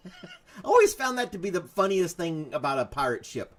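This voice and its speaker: A man's voice: high voice, big pitch swings, normal speed, slight background noise. A man hosting a live morning chat show, rambling and self-mocking, with jokey asides to his dog and to viewers.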